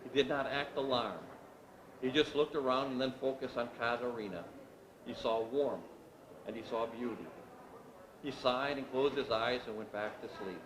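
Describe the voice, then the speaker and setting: Male author reading aloud at a literary event, steady and measured, mid pitch, room noise. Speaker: author reading his work. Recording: echoey room with background noise.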